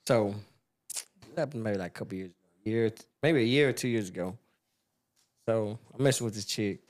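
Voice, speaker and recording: A man telling a story on a podcast in casual chat, laughing and loudly acting out what people said. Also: fairly low pitch, brisk. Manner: animated, laughing, acts out quotes loudly. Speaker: podcast guest.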